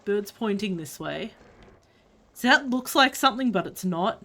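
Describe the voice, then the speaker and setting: A woman's voice: medium pitch, animated, measured pace, bright, forceful tone. A woman from Australia with an Australian accent, chatting bluntly and swearing freely while she streams a game. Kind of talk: casual chat while gaming.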